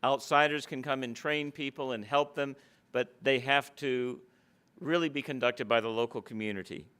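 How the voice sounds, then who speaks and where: A man's voice: medium pitch, moderate pace, fairly bright tone, smooth. A man giving a public lecture, mixing stories into his talk. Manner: anecdotal, storytelling.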